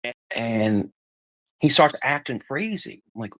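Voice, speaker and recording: A man's voice: mid-range voice, sing-song, a little slow, a bit bright. A middle-aged man in casual chat, rambling and repeating himself as he tells family stories. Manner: rambling, repeats himself, acts out quoted voices. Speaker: podcast guest telling family stories.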